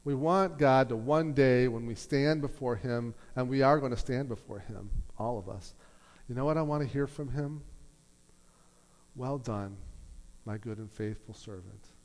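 A man's voice: mid-range voice, moderate pace. A middle-aged man preaching a sermon to a congregation, telling a story and acting out the people in it. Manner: storytelling with lively quoted voices. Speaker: pastor. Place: church hall. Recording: long hall reverb.

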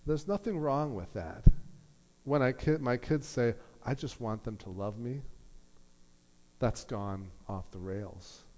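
Middle-aged pastor guy preaching, does little voices for the people in his story, mid pitch, big echoey hall. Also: takes it slowly. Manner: storytelling with lively quoted voices. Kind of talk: sermon. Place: church hall. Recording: long hall reverb.

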